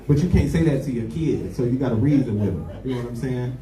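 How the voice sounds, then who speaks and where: A man's voice: mid-range voice, lively intonation, fast talker, far from the mic. A man doing a stand-up comedy set on a club stage, telling loose, profane stories with lots of filler while a live audience laughs along. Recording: roomy live club recording with crowd. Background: audience laughing and clapping.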